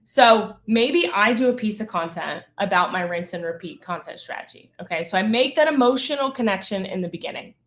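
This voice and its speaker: A woman's voice: mid-range voice, animated, brisk, hardly any pauses, a bit bright. A woman in her thirties, a business coach teaching on a live stream, emphatic and checking in with "okay?" and "right?".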